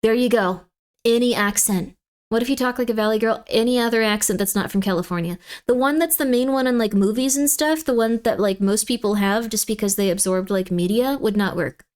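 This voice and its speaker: A woman's voice: fairly high pitch, fairly quick, a little mellow, clear, resonant tone. A woman streamer chatting casually on a livestream, rambling and playfully emphatic.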